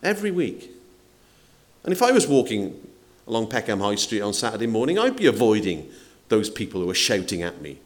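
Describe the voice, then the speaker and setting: A pastor's sermon comes across sing-song and a little fast, his voice lifting and falling animatedly before the congregation. He chats with them, throwing in rhetorical questions and voicing the quotes he tells.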